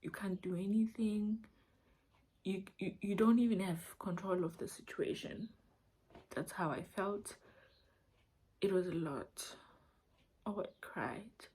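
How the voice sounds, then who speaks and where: A young South African woman with Zulu-mixed English, her second language, speaks in a mid-range, dark, husky voice at a measured pace, with fairly even intonation and frequent pauses. Near tears, this vlogger tells an emotional, confiding story in a casual storytime vlog.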